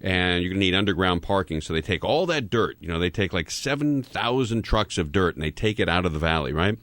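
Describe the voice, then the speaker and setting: A man with a low voice hosts a late-night call-in radio show. He rambles loosely, stringing thoughts together with fillers. The sound is dry and close to the mic. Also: animated, a little fast, fairly bright tone, dry recording. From Southern California. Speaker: radio talk show host. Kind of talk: casual radio chat.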